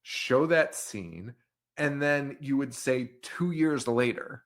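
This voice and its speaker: A man's voice: medium pitch, slow. A man co-hosting a movie podcast in casual chat, joking and laughing often as he recaps scenes. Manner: joking, laughs often, acts out silly quotes. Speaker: podcast co-host.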